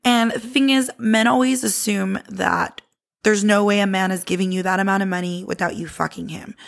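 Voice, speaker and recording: A woman's voice: mid-range voice, steady tone, moderate pace, creaky. A woman in her thirties hosting a podcast, telling a story from her own life in a casual, candid way and swearing freely. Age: 30s. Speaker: podcast host.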